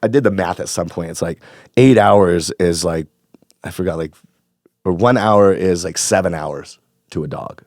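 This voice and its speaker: A man from Northern California telling a long, animated, profane story in casual chat, acting out the voices of the people in it. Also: deep voice, moderate pace, no room sound, clean studio sound. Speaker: podcast guest.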